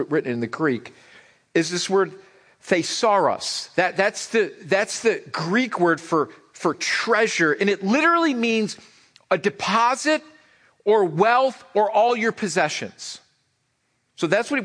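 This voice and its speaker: A middle-aged male pastor preaching in a relaxed, joking way, with a slightly high voice that swings animatedly up and down. He often stumbles into sentences by repeating a word or two before finding his point. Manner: conversational, joking, repeats words when starting sentences. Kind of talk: sermon.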